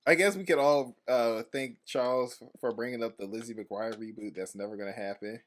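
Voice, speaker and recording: A young man co-hosting a casual podcast, teasing and giggling between quick asides. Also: mid-range voice. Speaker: podcast co-host. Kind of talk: casual chat.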